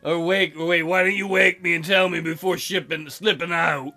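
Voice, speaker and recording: A clingy young prince from a dating-sim game, voiced by a man, tearful and pleading, his tone bright and forceful with a gravelly edge. He sounds desperate not to be left alone again. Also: on the high side, fairly even intonation, normal speed, soft background music, full character voice. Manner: pleading, emotional.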